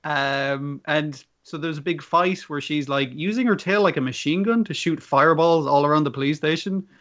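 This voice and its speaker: A man giving a casual, rambling recap of a show episode, with plenty of swearing and quick asides. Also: fairly high pitch, a bit bright, dull audio.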